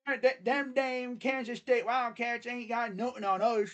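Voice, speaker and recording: A man's voice: extremely high pitch, fairly even intonation, unhurried, a bit bright, voice pushed up. A man putting on a boastful male Southern football fan in a mock drawl.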